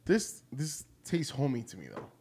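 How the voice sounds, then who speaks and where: A man's voice: medium pitch, big pitch swings, moderate pace, a little mellow, a little hiss or hum. Laid-back man teasing over beer. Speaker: beer review podcast co-host. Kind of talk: casual chat.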